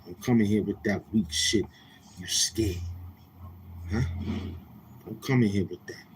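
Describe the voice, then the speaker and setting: With a fairly low voice and a measured pace, this New York–accented man from Queens hosts a casual livestream. He addresses viewers brashly and confrontationally, swearing freely, over slight background noise.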